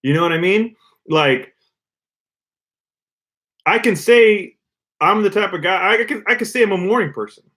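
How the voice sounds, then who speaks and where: A man's voice: high-pitched, normal speed, long pauses. A man co-hosting a podcast in casual chat, talking loosely and filling his sentences with "you know" and "like". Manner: relaxed, peppers speech with "you know, like". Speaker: podcast co-host.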